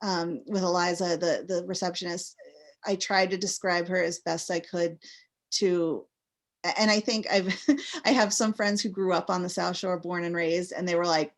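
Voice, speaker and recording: A woman's voice: lowish voice, fairly even intonation, moderate pace. A woman from Massachusetts, a guest author in a casual interview, talking in a chatty, rambling way full of fillers.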